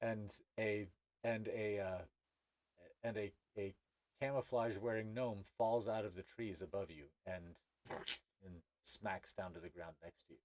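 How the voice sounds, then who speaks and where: A man running a tabletop game as game master, narrating in a halting way with many restarts. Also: lowish voice, steady tone, darkish tone, dry recording.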